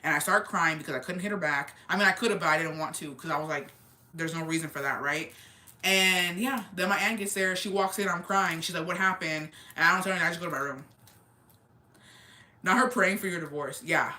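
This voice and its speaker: A young woman casually and candidly retelling a family story, animated, with lots of "like" and quoted dialogue. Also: on the low side, a little fast. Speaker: storyteller on a chat show. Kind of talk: casual chat.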